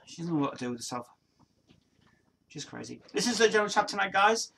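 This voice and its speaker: A Nottingham livestream host in his forties reads viewer comments in a casual chat, his East Midlands accent carrying a high, husky, slightly bright voice with vocal fry. He talks fast and very animatedly, rambling with many restarts and fillers and laughing often.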